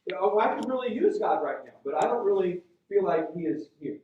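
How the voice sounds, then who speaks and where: A fearful, exasperated man protesting his troubles, as a preacher puts him on. The voice runs high and comes from far off in a very echoey room. The sound is dull. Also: fairly quick, lightly acted. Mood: frustrated. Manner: complaining, exasperated outbursts. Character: frustrated fearful man questioning God. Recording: very echoey church sound from a distant mic.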